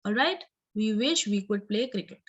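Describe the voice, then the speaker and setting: A woman's voice: medium pitch, expressive, moderate pace, lo-fi sound. A woman teacher explaining English grammar in a recorded lesson, repeating and rephrasing points and checking in with "okay" and "right".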